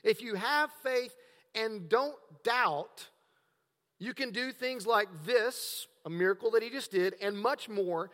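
A man preaching a sermon as pastor, swinging between hushed, drawn-out words and emphatic, raised passages. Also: high voice, big-room sound.

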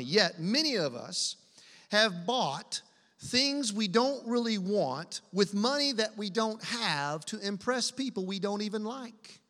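A man preaches to a congregation in an easy, conversational way, pressing his points and asking the room to answer back. His voice sits high and sounds bright and forceful. A long hall reverb trails behind him. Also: animated, slow. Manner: asks the congregation to respond, conversational and emphatic. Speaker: pastor. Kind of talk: sermon.

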